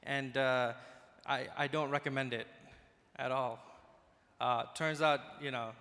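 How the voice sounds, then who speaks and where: A man's voice: mid-range voice, fairly even intonation, unhurried, bright, forceful tone. A man in his thirties from Dubai doing stand-up comedy in a large conference hall, chatting and teasing the crowd in a self-deprecating way. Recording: echoey hall with long reverb.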